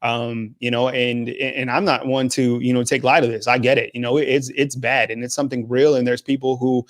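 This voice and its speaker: A man's voice: mid-range voice, little pitch movement, a little fast, dry recording. Hesitant male sports show host, dry sound. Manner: hesitant, many fillers and restarts.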